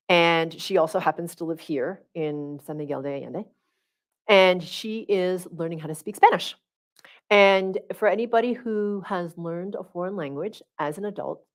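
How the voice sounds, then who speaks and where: A middle-aged woman hosts a livestream and teaches in a casual, conversational way. She talks with animated energy and keeps checking in with her listeners as she goes. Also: on the low side. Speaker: spiritual coach hosting a livestream.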